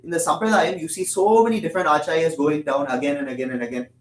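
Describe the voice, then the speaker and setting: Young male temple lecturer, brisk and explanatory, slightly high voice, echoey room. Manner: explanatory, asks and answers his own questions; chants Tamil verses quickly. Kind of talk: religious discourse.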